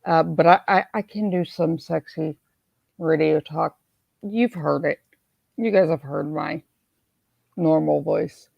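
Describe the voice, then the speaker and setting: Hoarse, gravelly woman chatting slowly. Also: sits low, dry recording, muffled recording. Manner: chatty, self-mocking, reads viewer comments aloud. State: hoarse from neck swelling. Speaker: livestream host. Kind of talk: casual live-stream chat.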